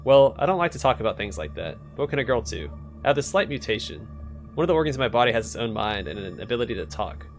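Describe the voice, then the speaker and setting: A man's voice: mid-range voice, big pitch swings, fast talker, soft background music. A man voicing a shy, apologetic young woman in a game.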